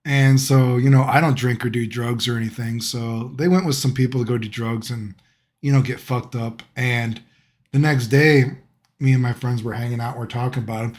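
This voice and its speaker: A man's voice: medium pitch, fairly even intonation, moderate pace. A young man streaming live, telling a story casually and laughing often through it.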